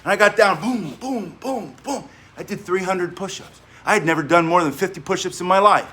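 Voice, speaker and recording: A man coaching a workout in an indoor gym, talking in an energetic, chatty way and laughing as he tells stories between exercise directions. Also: high voice, quick pace. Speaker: fitness coach. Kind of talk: spoken workout instruction with war stories.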